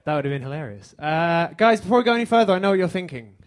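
A man with an English accent doing a stand-up set on a theater stage, with a dry, deadpan delivery. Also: on the high side, very fast. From England. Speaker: stand-up comedian.

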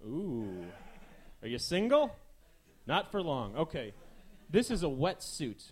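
Guy doing a sarcastic rambling standup bit as host, high voice that jumps all over. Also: sing-song, slow, slightly rough. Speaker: talk show host. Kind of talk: stand-up monologue. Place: live comedy venue.

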